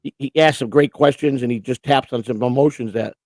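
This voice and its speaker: A man's voice: mid-range voice, fairly even intonation, fairly quick, darkish tone, no echo. A man hosting a casual live-stream chat show, rambling and stammering through repeated restarts. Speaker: host. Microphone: computer setup with earphones.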